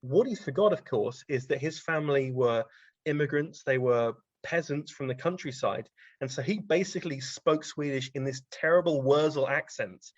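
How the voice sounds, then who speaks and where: A man's voice: a little high, normal speed, dry recording. A man, a guest on an interview show, telling anecdotes in a casual, rambling way with frequent ums. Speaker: guest science writer. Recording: dry, slightly dull podcast audio.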